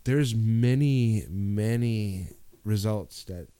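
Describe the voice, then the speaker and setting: A man's voice: on the low side, extremely slow, mellow, smooth, no room sound. A laid-back man, talking casually as the grow expert on a podcast, often saying "dude".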